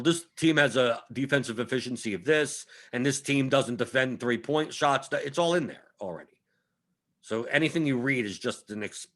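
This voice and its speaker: A fantasy sports analyst, a young adult man with a mid-range, slightly bright voice, chats casually on his live stream. He hammers his points home by repeating them, often asking "right?"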